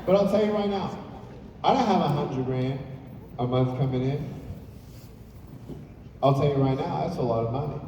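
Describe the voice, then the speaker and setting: A man's voice: fairly high pitch, normal speed, pauses often, dull audio, noisy background. Man giving an echoey stage speech. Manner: animated, storytelling, playful asides to the crowd. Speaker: motivational speaker. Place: large hall on stage. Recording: echoey hall from far off.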